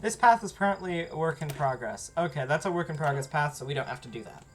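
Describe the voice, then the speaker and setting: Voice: mid-range voice, animated, quick pace, a little hiss or hum. A streamer chatting casually while playing a strategy game, often reading on-screen text aloud. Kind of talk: casual live game commentary.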